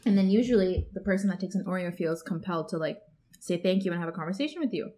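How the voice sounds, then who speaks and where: A woman in her twenties hosting a casual podcast chat with friends. She talks in a chatty, animated way with lots of fillers. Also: fairly low pitch, quick pace. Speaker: podcast host.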